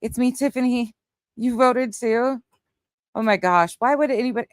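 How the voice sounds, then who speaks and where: A woman with a fairly high voice talks at a moderate pace in a dry recording while livestreaming outdoors on a windy night. She's blunt with her viewers, greets chat names, and swears now and then.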